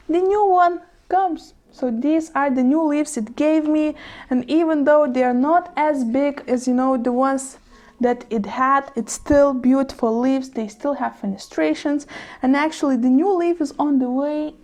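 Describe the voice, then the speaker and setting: Speaking at a measured pace in a high-pitched, darkish voice, a woman vlogs from home, proudly showing off her plants. She's bubbly, giggles often, apologizes in asides, and her second-language English has small slips.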